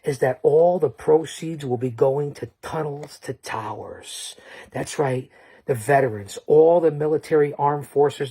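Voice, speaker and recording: A man's voice: mid-range voice, warm tone, slightly rough. A man hosting a show on his own, recapping in a rambling, joking way and correcting himself as he goes. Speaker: show host. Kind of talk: solo recap of a talk show. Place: alone in a basement bunker.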